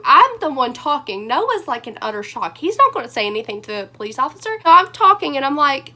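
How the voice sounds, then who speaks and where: A young woman vlogger with a high, bright, hoarse voice. She rambles through her story, animated and full of fillers. Her telling is quick and energetic. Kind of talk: storytime vlog.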